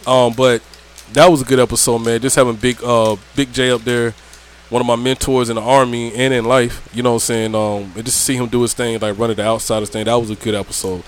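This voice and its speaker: A young man, telling animated, profane stories with friends on a podcast. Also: mid-range voice, quick pace, a little hiss or hum. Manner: animated, laughing, profane, slangy, lots of "right?". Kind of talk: casual storytelling chat. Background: friends talking in the background.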